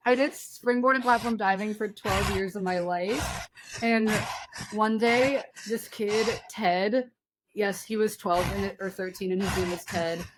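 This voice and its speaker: A young adult woman, a podcast guest, telling stories in animated casual chat with lots of fillers and laughter. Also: mid-range voice, unhurried, a little hiss or hum.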